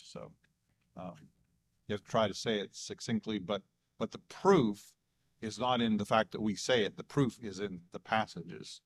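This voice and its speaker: A man leading a casual church group discussion about a statement of belief, talking hesitantly with many restarts and small chuckles. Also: on the low side.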